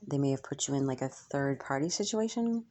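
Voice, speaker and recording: A woman's voice: very deep voice, lively intonation, fairly quick, dark tone. A young woman channeling messages for her viewers in a spiritual reading, musing aloud with frequent ums and hesitations.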